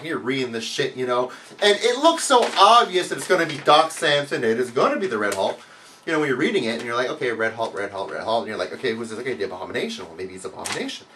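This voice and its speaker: Animated, profanity-heavy male vlogger. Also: quick pace, recorded from a distance, slight background noise. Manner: swears a lot, mocks with loud high outbursts. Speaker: vlog host answering viewer questions. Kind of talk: casual profane rant to camera.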